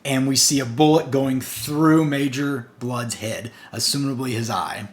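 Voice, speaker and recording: In a mid-range voice and at a measured pace, a man casually goes over what happened in a comic book issue. His chatty retelling links events into long run-ons, leaning on "and" and "basically."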